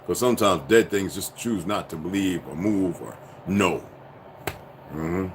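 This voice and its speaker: A man hosting a casual livestream, rambling and profane, dropping from low muttering to loud outbursts. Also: unhurried, slight background noise. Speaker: livestream host.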